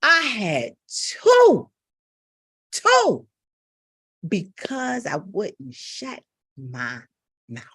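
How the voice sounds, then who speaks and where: A woman's voice: mid-range voice, wildly swooping pitch, drawn-out words, long pauses, a bit bright, breathy edge. A middle-aged woman vocal coach, teaching with emotion and repeating phrases for emphasis. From Gary, Indiana, USA.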